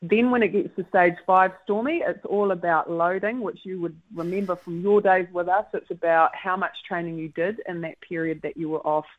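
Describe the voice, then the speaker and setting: A woman's voice: on the low side, fairly even intonation, moderate pace, few pauses. A woman netball coach, calling in to a radio show and chatting casually with plenty of fillers. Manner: thoughtful, with frequent fillers and laughs. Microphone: phone call. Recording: tinny phone line.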